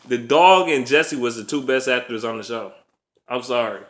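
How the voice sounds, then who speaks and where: Man vlogger, profane casual rant, bright edgy voice, roomy echo. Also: medium pitch, normal speed. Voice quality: blunt, profane, laughs often.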